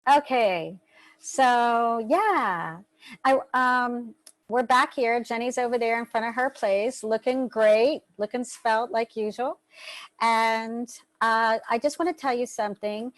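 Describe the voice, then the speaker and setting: A woman leads an online workshop in a loose, chatty manner, now and then letting a swear word slip. Her voice sits a little high and sounds dry and close, without room echo, as it comes through a video call. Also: takes it slowly. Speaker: workshop host. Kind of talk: casual guided instruction.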